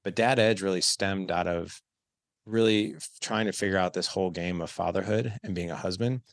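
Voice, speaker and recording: A man's voice: low voice, normal speed, dry recording, studio quality. A man in his thirties, a podcast guest, telling a candid personal story and acting out the dialogue. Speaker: podcast guest, parenting coach. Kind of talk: casual storytelling interview.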